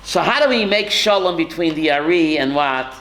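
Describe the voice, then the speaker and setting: A man's voice: fairly high pitch, expressive, moderate pace, fairly bright tone, rough recording. A man, a rabbi, teaching a Torah class to students, calling on them by name and quoting Hebrew sources.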